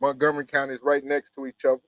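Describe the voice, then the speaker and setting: A man's voice: medium pitch, monotone, racing, dry recording, poor audio. A man, hosting a casual interview in a laid-back, rambling way full of fillers. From Mississippi Delta, USA. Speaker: host.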